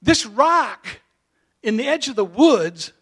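High-voiced preacher telling a folksy story. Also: male voice, sing-song, slow pace, breathy edge. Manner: folksy, emotional, swings from quiet asides to loud calls. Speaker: pastor. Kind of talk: storytelling sermon.

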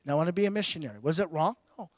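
Animated pastor, higher-voiced man. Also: very fast, no echo. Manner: animated, swinging from loud to hushed. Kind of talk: storytelling sermon.

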